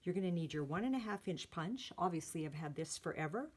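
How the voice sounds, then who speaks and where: An older woman hosting a card-making channel, talking through a craft tutorial in a gentle, earnest way with many pauses and fillers. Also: lowish voice, lively intonation.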